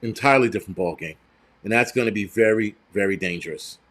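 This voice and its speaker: A man's voice: lowish voice, fast talker, a bit bright. An American man hosting a live stream, talking bluntly and profanely in loose, rambling commentary straight to his viewers. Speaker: prepper channel host.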